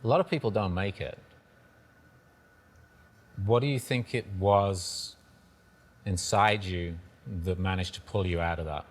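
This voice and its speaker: A man's voice: low voice, a little slow, pauses often. An American man hosting an interview, asking probing follow-up questions.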